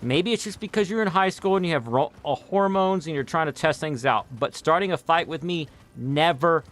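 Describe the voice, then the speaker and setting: A young adult man streaming a game, chatting casually and telling stories with animated put-on voices. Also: on the high side, normal speed. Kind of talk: casual chat while gaming.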